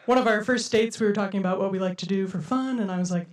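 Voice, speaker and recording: A woman's voice: mid-range voice, quick pace, hardly any pauses, darkish tone, distant mic. A young woman performing a stand-up comedy set for a live audience, with a playful, giggly delivery and frequent laughs.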